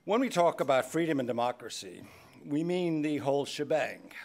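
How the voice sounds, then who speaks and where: A man's voice: on the high side, very animated, normal speed, creaky, a little mellow. A man giving a keynote speech at a formal dinner, starting loose with fillers and turning firm and emphatic. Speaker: keynote speaker, head of state. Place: large banquet hall.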